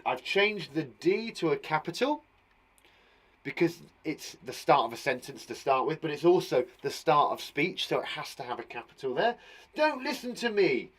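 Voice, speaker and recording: A man's voice: fairly high pitch, big pitch swings, moderate pace, fairly bright tone, husky. A man with an English accent teaching a live online English lesson to young children, patient and encouraging, talking aloud as he writes. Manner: patient, encouraging, talks aloud while writing. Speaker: primary school teacher.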